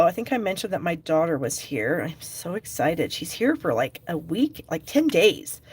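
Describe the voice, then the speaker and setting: A woman's voice: on the low side, slightly rough. A middle-aged woman hosting a live card-making class, chatting and joking at her own expense while she works. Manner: chatty, self-deprecating, talks while working. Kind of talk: live craft demo with viewer chat.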